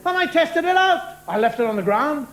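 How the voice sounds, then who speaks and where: A man's voice: very high-pitched, animated, fairly quick, a bit bright, slight background noise, rough recording. A man performing a wry, chatty stand-up monologue, talking straight to a live studio audience. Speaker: stand-up comedian.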